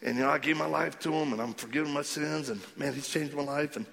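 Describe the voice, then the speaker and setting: A man preaching a storytelling sermon, animated and acting out the voices of the people in his story. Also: on the high side, fast, gravelly, in a large hall. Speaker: ministry leader speaking to men.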